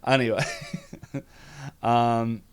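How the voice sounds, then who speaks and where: On a video call or webcam setup, a man co-hosts a casual podcast that recaps a cartoon episode, laughing often and voicing characters' lines in silly ways. His medium-pitched voice is smooth and steady, and he talks very slowly.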